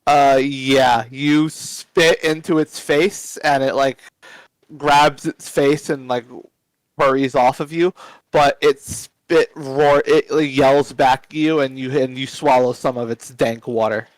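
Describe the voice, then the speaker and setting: A man's voice: mid-range voice, steady tone, slow pace, no echo, poor audio. Casual male game master, dry sound. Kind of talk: narrating a tabletop game.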